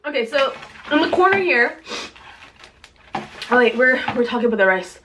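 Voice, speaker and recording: A woman hosting a casual food vlog at home, chatty and excitable as she eats and describes each dish, teary from spicy food. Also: fairly high pitch, normal speed, pauses often, slight background noise. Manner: chatty, excitable, exclaims often. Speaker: mukbang host.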